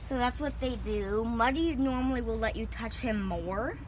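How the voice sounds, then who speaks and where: Outdoors in her backyard, a young woman narrates a handheld phone vlog about her guinea pigs, speaking at normal speed in a voice on the high side. The talk is chatty and informal, with many fillers and a sweet baby voice for the pets, and background noise is audible.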